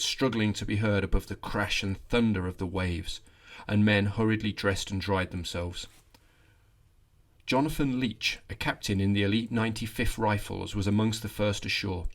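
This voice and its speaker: A man hosting a history podcast, narrating a scripted story with lively delivery and wry asides. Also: on the low side.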